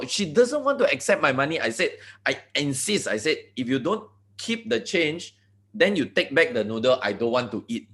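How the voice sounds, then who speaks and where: A man from Malaysia with a Malaysian English accent, giving an excited motivational talk full of asides and repeated words. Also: medium pitch. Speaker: network marketing leader. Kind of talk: motivational talk on a video call.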